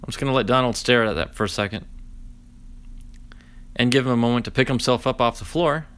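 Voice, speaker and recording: Man in his 40s streaming a card break, chatty, sarcastic storyteller, animated greetings to chat. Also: mid-range voice, brisk, clean tone. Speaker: host opening card packs.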